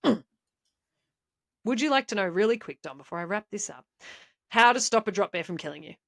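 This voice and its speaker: An Australian woman hosting a podcast, spinning a comic story in a playful, mock-serious way. Her voice is mid-pitched, and the recording is dry and close. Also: lively intonation, brisk, a bit bright, no echo. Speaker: podcast co-host.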